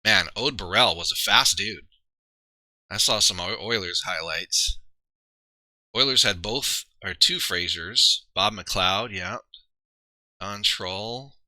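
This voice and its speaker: Bright-voiced man rambling on stream. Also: on the low side, takes it slowly, long pauses, no room sound. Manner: rambling, thinking aloud with many fillers and restarts. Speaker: streamer and league player. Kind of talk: casual livestream chat.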